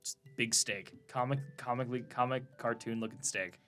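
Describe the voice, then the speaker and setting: A man's voice: medium pitch, steady tone, moderate pace, fairly bright tone, soft background music. A young man playing a tabletop game, eager and joking with the table. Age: young adult. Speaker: player. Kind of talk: casual tabletop game play.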